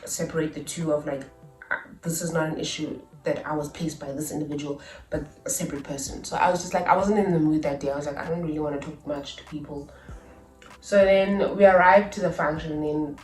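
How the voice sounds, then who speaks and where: A young woman with a South African accent tells a personal story casually, animated and full of asides. Her voice sits a little low. She is slightly off-mic in an echoey room. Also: distant mic. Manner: chatty, animated retelling with asides and laughs. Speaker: YouTuber.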